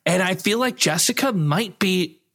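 A man's voice: high voice, animated, normal speed, gravelly, a bit bright, full character voice. A man playing a flustered cat lover. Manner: earnest, flustered, stammering. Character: earnest young man in love with his cat. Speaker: improv performer.

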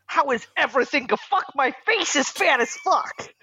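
A woman's voice: high-pitched, animated, moderate pace, sharp tone, highs cut off, voice pushed up. A woman putting on a friend's voice to read out his crude, swearing texts. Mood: blunt. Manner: blunt, swearing.

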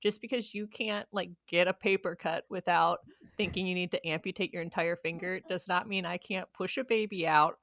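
A woman co-hosting a podcast, chatting casually in an expressive, teasing way with plenty of exclamations. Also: lowish voice, moderate pace. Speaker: podcast co-host. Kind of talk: casual chat.

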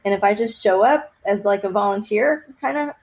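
A woman from Texas, a psychic medium, chatting in an interview and telling lively stories with many fillers and laughs. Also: medium pitch, normal speed. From Austin, Texas. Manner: animated storyteller, laughs often, many fillers. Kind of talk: casual interview chat.

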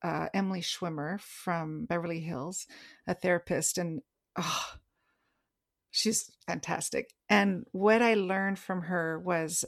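A woman co-hosting a podcast in casual chat, telling stories animatedly and slowing down to stress key words. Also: lowish voice. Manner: animated storytelling, slows down for emphasis. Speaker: podcast co-host.

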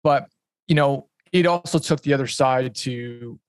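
A man's voice: medium pitch, a little slow, clean tone, no echo. A man hosting a podcast, responding thoughtfully to his guest with hesitant restarts. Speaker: podcast host. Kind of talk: casual podcast conversation.

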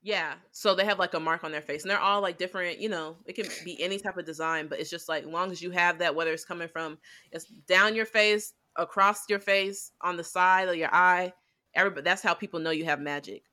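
A woman's voice: on the low side, steady tone, brisk, bright, forceful tone. A woman co-hosting a podcast, chatting casually and rambling with lots of fillers as she animatedly retells scenes. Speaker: podcast co-host. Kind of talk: casual anime review chat.

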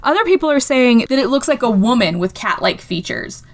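A young adult woman co-hosting a podcast in casual chat, an animated storyteller who giggles often and swears freely. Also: fairly high pitch, fairly quick. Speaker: podcast co-host.

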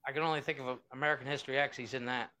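A man's voice: medium pitch, steady tone, rapid-fire, bright, forceful tone. A man co-hosting a podcast in casual chat, rambling and swearing, often trailing off while he searches for names. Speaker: podcast co-host.

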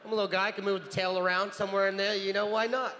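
Man, thirties, from New Zealand, high voice, animated storyteller, convention hall, faint background noise. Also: rapid-fire. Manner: animated, acts out other people's voices. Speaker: guest actor on a convention panel. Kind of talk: anecdotal storytelling.

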